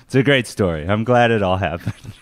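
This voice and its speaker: A man's voice: on the low side, fairly quick, no room sound. A young man co-hosting a podcast, telling a story in casual chat, laughing often and swearing freely. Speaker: podcast co-host.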